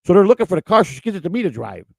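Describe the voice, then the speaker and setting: Guy with a gravelly voice, pitch all over the place, rambling and swearing through a story on a dry-sounding stream. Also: big pitch swings, rapid-fire, a little mellow, dry recording. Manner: rambling, profane, laughs at his own story. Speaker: show host telling a personal story. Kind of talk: casual storytelling.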